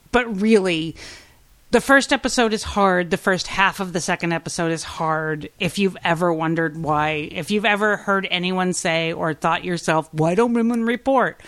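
A woman co-hosting a pop culture podcast, reviewing shows in a casual, enthusiastic and candid way, swearing freely. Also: lowish voice. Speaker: podcast co-host.

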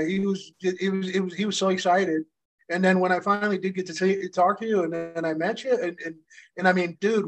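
Man in his 50s, somewhat high voice, rambling, casual co-host reminiscing. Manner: rambling, full of restarts and fillers, fond reminiscing. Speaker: podcast co-host, former pro wrestler. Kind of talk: casual chat.

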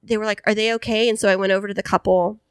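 A woman's voice: medium pitch, racing, clean tone, no echo. Chatty woman host telling a story. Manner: chatty, animated storyteller who acts out voices. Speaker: podcast co-host. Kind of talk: casual chat, storytelling.

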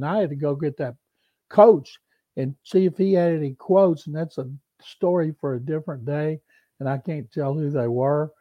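A man telling a long sports anecdote on a podcast, animated and acting out the quoted voices. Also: a little high, no echo, dull audio. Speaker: beat reporter and co-host.

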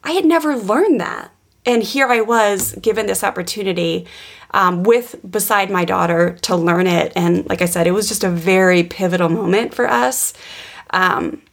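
A woman in her thirties hosting a parenting podcast, telling a personal story in a lively way with self-corrections. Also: mid-range voice, normal speed, vocal fry. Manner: animated, self-correcting, quotes herself. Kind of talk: casual storytelling chat.

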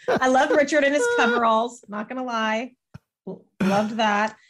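A woman's voice: a little high, fairly bright tone, slight background noise. A woman hosting a casual podcast chat, chatty and teasing, laughing often. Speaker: podcast host.

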